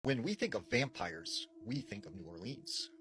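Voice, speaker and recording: A man tells a spooky story in a loose, chatty way, full of little fillers. His voice sits low but swings up and down with real animation. A faint room ambience hums behind him. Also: normal speed, slight background noise, low-quality recording. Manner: animated, conversational with frequent fillers. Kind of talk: casual spoken scary storytelling.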